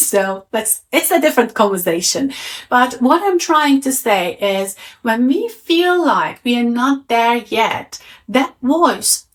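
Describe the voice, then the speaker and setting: A woman in her thirties giving a calm, encouraging talk on coaching to camera. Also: a little high. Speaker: coaching trainer.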